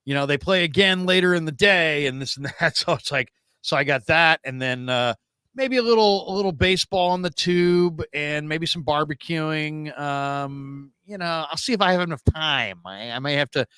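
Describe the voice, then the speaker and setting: Bright-voiced animated man hosting a talk show. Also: on the high side, normal speed, clear, resonant tone, dry recording. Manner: animated storyteller, acts out quoted people. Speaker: show host. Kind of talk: casual sports podcast chat.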